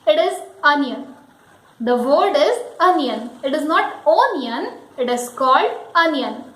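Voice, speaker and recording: Lady teacher, slow careful pronunciation drills, high voice. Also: expressive, fairly bright tone, roomy sound, low-quality recording. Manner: slow, deliberate, repeats each word several times. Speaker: English teacher. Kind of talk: pronunciation lesson.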